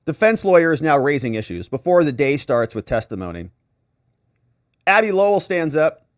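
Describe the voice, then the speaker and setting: Animated man recapping a trial with sarcasm. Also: on the high side, normal speed, dry recording, studio quality. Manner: animated, acts out quoted lawyers and judge in shifting voices; sarcastic asides. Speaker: legal commentary host. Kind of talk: courtroom recap commentary.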